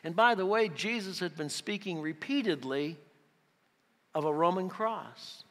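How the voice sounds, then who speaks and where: A man's voice: high voice, lively intonation, unhurried, long reverb tail. A man preaching a sermon as pastor, reading scripture with emphatic, dramatic delivery. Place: church sanctuary.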